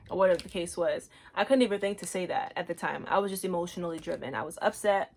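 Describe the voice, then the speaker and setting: A young adult woman hosting her show and sharing a personal testimony in casual, slangy speech. She acts out what she said back then, jumping up in pitch for her own quoted words. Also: fast talker, hardly any pauses, a little hiss or hum. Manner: casual slang, relaxed everyday phrasing.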